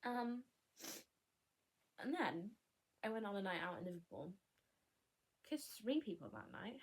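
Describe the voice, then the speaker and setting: A woman's voice: mid-range voice, very animated, measured pace, husky. A young woman vlogger chatting candidly, rambling and cutting herself off with laughs. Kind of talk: casual chat.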